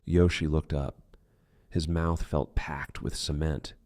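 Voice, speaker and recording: A man reading an audiobook thriller in measured, dark scripted narration. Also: extremely low pitch, flat delivery, no echo.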